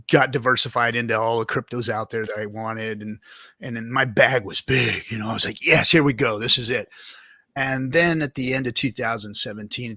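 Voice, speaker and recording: Bright, profane man telling a rambling story. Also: mid-range voice, no room sound, clean studio sound. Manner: rambling, profane, lots of fillers and restarts. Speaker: guest. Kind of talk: casual storytelling interview.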